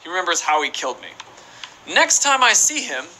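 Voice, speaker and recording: A man's voice: high voice, big pitch swings, brisk, pushed and bright, slight background noise, rough recording. A young man streaming a game, chatting casually and reading out viewer questions in a rambling, playful way. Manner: rambling, playful, reads chat aloud. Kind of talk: casual live-stream chat while playing.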